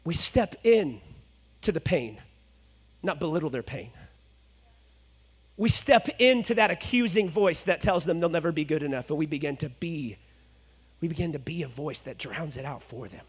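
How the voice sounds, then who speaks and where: A male pastor preaching a sermon, swinging between loud exhortation and hushed, low asides. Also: expressive, normal speed, pauses often, slightly rough.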